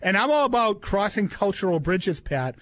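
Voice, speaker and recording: Boston guy with a high voice joking around on a podcast, dry close sound, keeps repeating words. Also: big pitch swings, moderate pace, fairly bright tone, no room sound, rough recording. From New England. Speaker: podcast host. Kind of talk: casual comedic chat.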